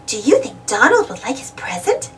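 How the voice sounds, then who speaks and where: A woman's voice: on the high side, huge pitch swings, normal speed, far from the mic, a little hiss or hum. Daisy, a sweet cartoon duck, read by a woman. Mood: warm.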